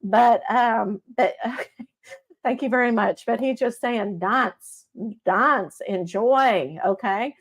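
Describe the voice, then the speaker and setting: A middle-aged woman with a Texas accent, a medium hosting a casual live-stream reading. She talks in a chatty, warm-hearted way and often checks in with "okay?". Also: on the high side, steady tone, measured pace. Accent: Texan. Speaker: psychic medium host.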